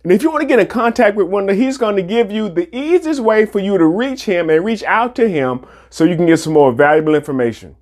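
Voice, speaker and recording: A man's voice: high-pitched, lively intonation, fairly quick, hardly any pauses, a little mellow. Upbeat man hosting a podcast. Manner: enthusiastic, affirming with short interjections. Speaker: podcast host. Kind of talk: casual podcast chat.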